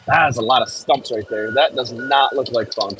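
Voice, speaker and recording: Here a man from the United States chats on a live stream from a heavy machine's cab as it bounces across frozen ground outside. The operator reads out viewer messages and curses at the jolts, in a medium-pitched, slightly bright voice at normal speed, on a rough recording with a little hiss or hum.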